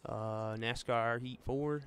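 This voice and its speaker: A man's voice: medium pitch, steady tone, slow pace, a bit bright, clean tone. A man streaming a racing game, chatting casually with viewers and friends and calling them "man" and "buddy". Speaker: gaming streamer. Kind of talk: casual gameplay chat.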